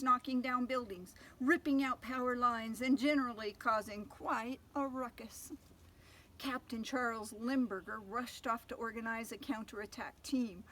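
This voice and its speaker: Older woman, storybook reading, gentle, fairly high voice, faint background noise. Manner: gentle, asks listeners questions. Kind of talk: reading a picture book aloud to children.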